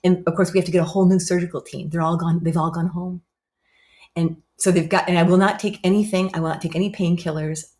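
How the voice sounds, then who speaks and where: A woman in her fifties with a slightly low voice tells her own story as a guest. She talks in an animated way, repeats words for emphasis and often jumps up in pitch to act out what others said. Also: quick pace. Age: 50s. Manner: animated, acts out others' lines in raised voice. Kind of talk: emotional personal storytelling.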